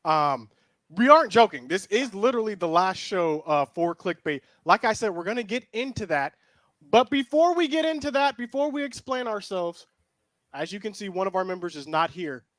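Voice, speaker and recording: A man's voice: high-pitched, big pitch swings, moderate pace, a bit bright, dry recording. A man hosting a casual sports show over a video call, with upbeat announcer-like introductions. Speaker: host. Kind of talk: casual sports podcast chat.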